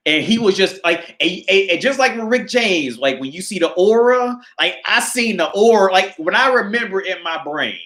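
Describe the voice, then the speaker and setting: Animated, profane man telling a story. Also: high-pitched, moderate pace, few pauses. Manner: animated, profane, laughs often. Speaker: livestream host. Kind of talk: casual storytelling livestream. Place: small apartment indoors. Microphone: phone or camera carried by hand.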